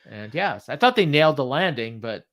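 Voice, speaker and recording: A man's voice: medium pitch, sing-song, moderate pace, a bit bright. A man co-hosting a podcast, recapping a show in casual chat with lots of fillers and quotes read aloud. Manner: rambling with many fillers, reads quotes aloud. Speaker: podcast co-host.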